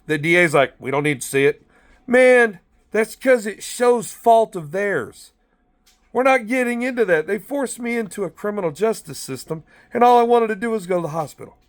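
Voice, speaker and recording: A former corrections officer, a man with a high-pitched voice talking at normal speed, rambles through a monologue from inside a car. His stories are blunt, profane and animated.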